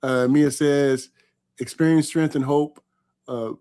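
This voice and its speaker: A man from California hosting a live online interview, chatting warmly and reading out viewer comments as he goes. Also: on the high side, steady tone, takes it slowly, clean tone. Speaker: host.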